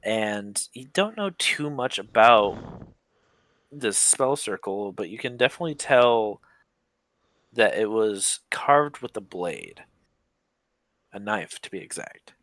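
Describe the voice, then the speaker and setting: A man narrating as game master, relaxed and unhurried, with small slips. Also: lowish voice.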